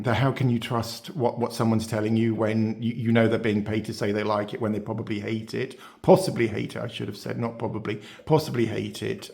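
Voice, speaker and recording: A man's voice: lowish voice, creaky, a little mellow. A man hosting his beauty channel, talking casually to viewers with lots of fillers, restarts and rhetorical questions. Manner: chatty, rambling, many fillers and restarts. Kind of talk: casual talk to camera.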